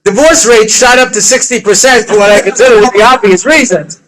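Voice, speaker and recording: High-voiced joking rabbi storyteller. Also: male voice, fairly quick, a bit bright, rough recording. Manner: joking, conversational, full of asides and quips. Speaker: rabbi giving a lecture. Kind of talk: humorous storytelling lecture.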